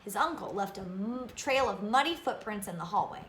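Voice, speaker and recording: Woman reading a kids novel out loud, lively with little asides, bright voice in an echoey room. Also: medium pitch, moderate pace, a little hiss or hum. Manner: expressive, with asides to listeners. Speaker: reader of a children's book. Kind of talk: reading a children's novel aloud.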